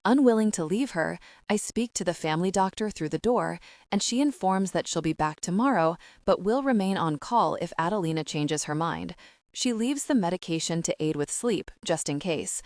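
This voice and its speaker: A woman reads a first-person audiobook with a steady, intimate delivery. Her voice sits somewhat low for a woman. The recording is close and dry, with no room sound. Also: no echo. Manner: steady, intimate, measured reading. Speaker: audiobook narrator. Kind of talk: scripted first-person narration.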